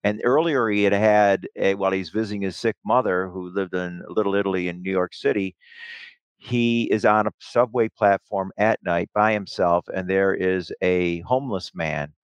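A man's voice: deep voice, fairly even intonation, normal speed, clean tone, no echo, muffled recording. A man talking at length in a discussion, rambling and retelling film scenes with many restarts. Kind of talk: casual discussion.

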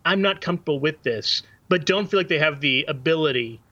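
A man's voice: fairly high pitch, expressive, fairly quick, sharp tone, no room sound, highs cut off. A man on a talk show, making his points earnestly and fluently. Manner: earnest, fluent, quotes sources. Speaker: co-host.

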